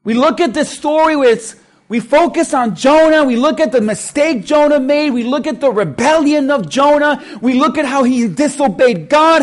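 A man preaching a sermon as pastor, retelling a story and building emphasis through slow repetition. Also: extremely high pitch.

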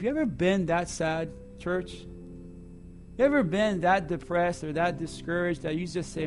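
A man preaching a sermon to his church, swinging between loud emphasis and hushed asides. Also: high voice, moderate pace, soft background music. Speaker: pastor.

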